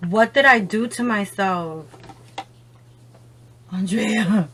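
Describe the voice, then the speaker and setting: Slow-talking young woman vlogger. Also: mid-range voice, fairly bright tone, slight background noise. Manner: swears freely, laughs often, exclaims a lot. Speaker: beauty vlogger. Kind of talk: casual makeup chat on the phone.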